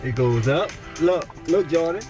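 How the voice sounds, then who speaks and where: A woman's voice: deep voice, unhurried, music in the background. A mother chatting casually and teasing her family inside a car. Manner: teasing, playful and lively.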